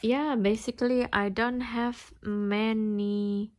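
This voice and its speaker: A woman's voice: lowish voice, level tone, slow. A woman tarot reader explaining cards in a casual flip-through, talking in an earnest, reflective way.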